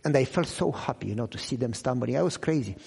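A man's voice: mid-range voice, expressive, fast talker, creaky, darkish tone, husky, long reverb tail. A man preaching a sermon in English, a second language for him, earnestly sharing his own testimony and often asking listeners whether they follow him. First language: not English. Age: adult with children.

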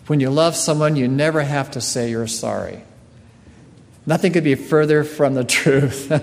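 A man giving a sermon in a slow, earnest way, often clearing his throat. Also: medium pitch, darkish tone. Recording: long hall reverb.

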